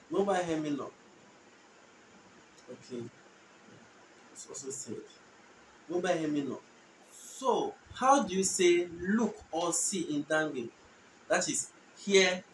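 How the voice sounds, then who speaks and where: A man giving a casual language lesson, repeating short phrases slowly so learners can follow. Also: high voice. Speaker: language teacher. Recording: echoey room, distant mic, faint noise.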